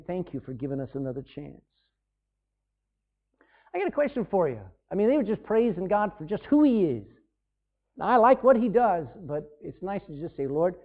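A man preaching a sermon in a conversational way, acting out scenes in different voices. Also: sits high. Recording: tinny phone-like sound.

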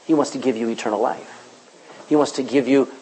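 A man preaching a sermon in church, with loud rises and quiet drops. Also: mid-range voice, a little fast, a little hiss or hum, poor audio. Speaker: pastor.

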